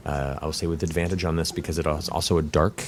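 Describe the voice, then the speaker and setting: A man narrating as game master of a tabletop game, in a measured, descriptive way with frequent fillers. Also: very deep voice, flat delivery, noisy background.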